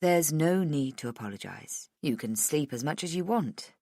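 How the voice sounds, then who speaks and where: A woman voicing a calm, gentle middle-aged male doctor in an audiobook, asking questions softly and slowly. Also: deep voice, no room sound, clean studio sound. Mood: gentle, clinical. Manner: soft, slow, reassuring questioning. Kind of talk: audiobook dialogue.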